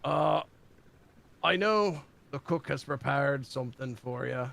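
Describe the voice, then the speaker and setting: A man's voice: medium pitch, slow, vocal fry, fairly bright tone, heavily acted. A man voicing a boastful, jovial male ship captain who talks in a folksy sailor way and calls people mate.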